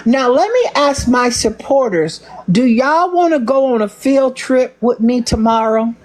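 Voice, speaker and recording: A woman's voice: fairly high pitch, expressive, a little slow, darkish tone, rough recording. A woman doing casual live-stream commentary to her viewers, sassy and mocking, often breaking into laughter. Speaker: livestream commentator.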